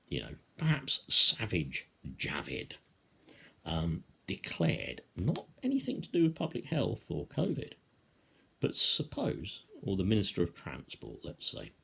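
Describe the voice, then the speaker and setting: Gravelly, sarcastic man. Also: low-pitched, huge pitch swings, a bit bright, a little hiss or hum. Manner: sarcastic, mock-rhetorical, with drawn-out emphasis. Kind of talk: opinionated monologue.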